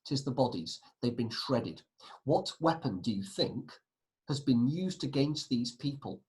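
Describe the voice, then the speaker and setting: An Englishman teaching a history class on video in a lively manner. He puts questions to the pupils and then answers them himself. His voice sits at an ordinary middle pitch for a man. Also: a little slow, low-quality recording.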